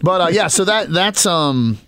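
A man's voice: high-pitched, unhurried, smooth. A man in a podcast studio, chatting casually as a band member guest and animatedly retelling conversations. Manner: animated storyteller, acts out quotes.

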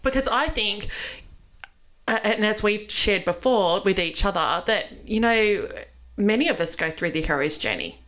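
A woman's voice: medium pitch, animated, measured pace, a bit bright, rough recording. A woman hosting a casual interview chat, effusive and full of restarts and fillers. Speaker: podcast host.

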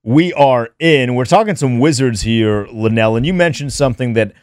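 A man hosting a sports radio show, laying out his points in a measured, matter-of-fact way. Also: mid-range voice, darkish tone, dry recording, studio quality. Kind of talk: sports talk radio banter.

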